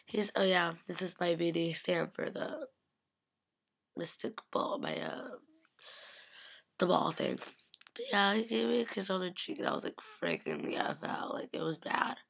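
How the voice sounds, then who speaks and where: This young vlogger, a little under the weather, tells her fan-convention story in a lowish, fry-heavy, fairly bright voice at a moderate pace with long pauses. She's very animated and gushing, leaning on "like" and playing out quotes in changing voices as impressions of those she met.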